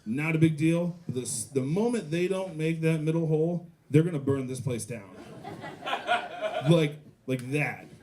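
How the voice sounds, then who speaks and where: A young man performs a stand-up set in a small restaurant, his voice sitting a little high for a man. He tells his stories deadpan and slips into voices for the kids and parents in them. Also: a little slow, a little hiss or hum. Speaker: stand-up comedian. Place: pizza restaurant comedy night with audience.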